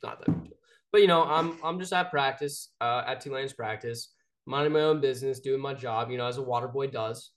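A young man co-hosting a sports talk podcast, telling stories in a relaxed, easygoing way. He restarts his sentences often and sits at an average pitch for a man. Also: brisk. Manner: laid-back storytelling with frequent restarts. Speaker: podcast co-host. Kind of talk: casual sports chat.

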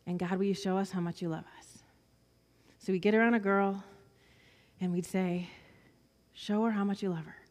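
A woman's voice: mid-range voice, steady tone, moderate pace, pauses often, darkish tone, long reverb tail. A woman giving a personal testimony, telling a story and acting out the voices of the children in it. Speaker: speaker sharing a testimony.

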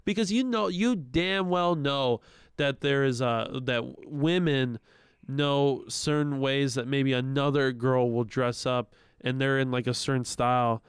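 A man's voice: mid-range voice, unhurried, smooth, dry recording, clean studio sound. A young man co-hosting a podcast, telling stories in a casual chat, acting out voices and swearing often. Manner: animated storytelling, acts out quoted voices, swears a lot. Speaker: podcast co-host.

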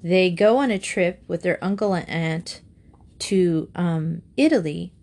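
A woman reading a children's book aloud and chatting about it afterwards, gentle and expressive. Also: fairly low pitch, a little slow. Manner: gentle, expressive storytelling, lifts her voice for characters' lines. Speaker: storybook reader.

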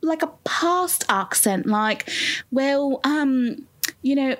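A woman's voice: sits high, lively intonation, slow pace, pitched above the performer's own voice. A woman playing a rambling bumbling kidnapper. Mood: scheming. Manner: rambling, chatty, jumps between ideas. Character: bumbling castle kidnapper named Reggie. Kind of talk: improv comedy scene.

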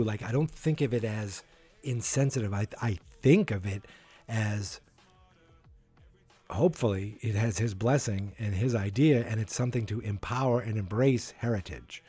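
A man's voice: lowish voice, measured pace, dark tone, husky, faint music behind. A man hosting a casual solo wrestling prediction podcast, rambling, correcting himself and thinking aloud as he talks.

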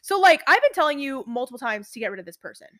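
A woman's voice: sits high, sing-song, rapid-fire, fairly bright tone. A woman in her twenties chatting casually with a friend, rambling through stories with lots of "like" fillers. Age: 20s. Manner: chatty, full of "like" fillers, quoting others. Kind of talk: casual chat.

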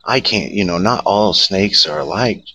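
A man's voice: deep voice, moderate pace, pushed and bright, a little hiss or hum. A man putting on a sly whining snake. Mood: pleading. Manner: wheedling then mocking.

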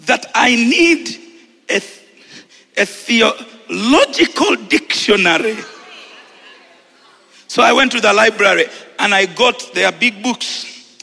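A Ugandan man preaching a sermon, shouting and repeating phrases with exuberance, then settling into a relaxed storytelling tone. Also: high-pitched, takes it slowly, vocal fry, long pauses, husky, in a large hall.

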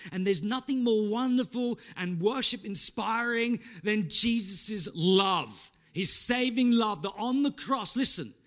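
A middle-aged man preaching a sermon, animated, asking the listeners questions and slipping in jokes. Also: high-pitched. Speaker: pastor.

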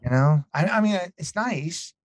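A middle-aged man, a podcast guest, telling stories in an earnest, animated way and acting out the dialogue he quotes. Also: on the high side, moderate pace. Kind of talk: conversational storytelling.

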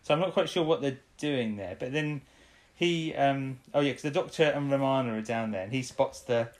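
A woman's voice: extremely low pitch, moderate pace, darkish tone. A woman co-hosting a podcast, casually recapping an episode, rambling and laughing often. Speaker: podcast co-host.

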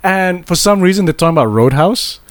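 Animated man chatting about movies. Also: high voice, fairly quick, no room sound. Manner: animated, swearing, laughs while telling stories. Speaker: podcast co-host. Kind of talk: casual movie chat.

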